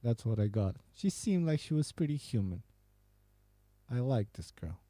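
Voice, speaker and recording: A man's voice: medium pitch, very animated, normal speed, dark tone, no echo. A man hosting a podcast, casually reading out and joking about viewer messages, laughing and swearing often. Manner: laughing, profane, banter. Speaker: podcast host.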